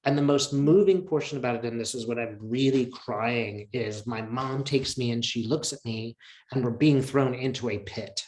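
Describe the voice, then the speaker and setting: Male guest, mid-pitched, earnest and reflective, roomy echo on the call. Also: normal speed, darkish tone. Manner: earnest, emotional, reflective, many fillers. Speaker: interview guest. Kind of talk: casual storytelling in an interview.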